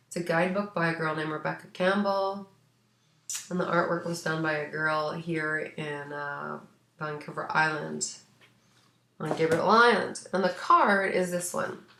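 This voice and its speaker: A woman's voice: on the low side, fairly bright tone. A woman giving a casual spoken pet reading as an animal psychic, chatty and rambling with lots of ums and restarts, a little sneezy. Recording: echoey room.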